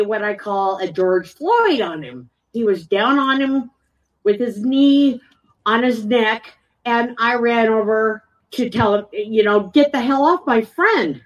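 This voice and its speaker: A woman speaks slowly and haltingly, her voice sitting fairly high and full of emotion as she gives public testimony. She is picked up from some distance from the microphone, so she sounds set back in the room. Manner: emotional, halting, with frequent pauses. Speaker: resident speaking at a public meeting.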